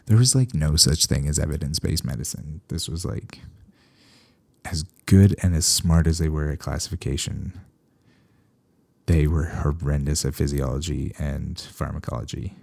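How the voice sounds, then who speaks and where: A man from Canada, a veterinarian hosting a solo podcast, talking casually with animated, sarcastic asides. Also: rumbling low, normal speed, gravelly, breathy edge, no echo.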